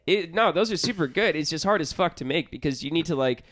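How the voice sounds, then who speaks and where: A man's voice: a little high, lively intonation, quick pace, fairly bright tone, a little hiss or hum. A young man co-hosting a casual podcast, joking around and swearing. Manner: joking, profane, laughs while talking. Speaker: podcast co-host.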